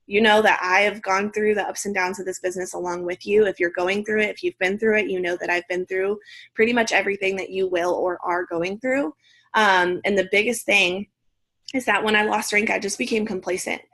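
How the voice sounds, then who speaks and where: A young woman leading her team on a video call, speaking in a direct, energetic pep-talk manner. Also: mid-range voice. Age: young adult. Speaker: team leader.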